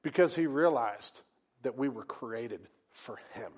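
A man preaching a sermon in a conversational way, swinging from loud emphatic lines to quiet, hushed asides. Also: mid-range voice, expressive, a little slow. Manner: conversational, repeats words and restarts. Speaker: pastor.

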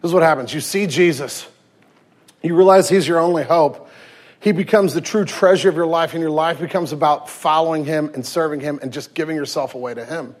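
High-voiced animated man preaching. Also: a little fast. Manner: animated, shifts between loud emphasis and hushed tenderness; acts out quoted voices and anecdotes. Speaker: pastor. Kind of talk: sermon.

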